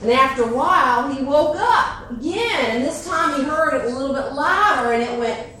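High-pitched lady storyteller at a festival, far from the mic, noisy echoey sound. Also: expressive. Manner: slow, dramatic telling with quiet suspense. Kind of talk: live folk storytelling. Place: festival stage. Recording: echoey distant live recording, noisy.

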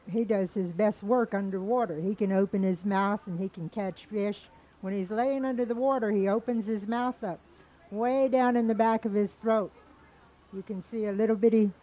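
A woman telling an animal folktale aloud in a homely, unhurried storytelling manner. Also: medium pitch, muffled recording.

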